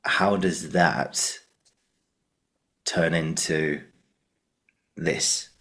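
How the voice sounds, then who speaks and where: A man's voice: extremely low pitch, fairly even intonation, extremely slow, fairly bright tone. A man hosting a podcast, telling a long anecdote with lots of fillers and asking his guest questions. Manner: rambling storyteller with many fillers. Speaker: podcast host. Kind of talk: casual interview chat.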